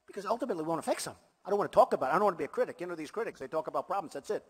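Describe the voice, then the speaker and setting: High-voiced man giving a rally speech. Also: expressive, racing, hardly any pauses, slightly rough. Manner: emphatic and repetitive, boastful asides. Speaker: political candidate at a rally. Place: large rally venue before a crowd. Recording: long reverb of a big hall.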